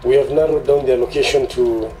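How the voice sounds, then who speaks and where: A man playing a brisk officer in a film. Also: medium pitch, fairly even intonation, music in the background, close to an everyday voice, poor audio. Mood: businesslike. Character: male officer tracing a caller's location. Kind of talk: acted film dialogue.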